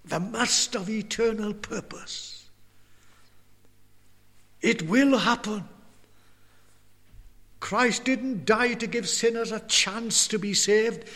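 A man preaching a sermon, his voice pitched high for a man and carrying an earnest, pleading tone. He often repeats words as he builds toward a point. His voice rings with the long reverb of a large hall. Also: takes it slowly, long pauses, fairly bright tone.

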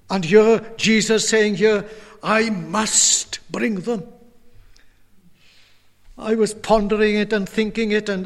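A man preaching a sermon, his voice pitched high for a man and carrying an earnest, pleading tone. He often repeats words as he builds toward a point. His voice rings with the long reverb of a large hall.

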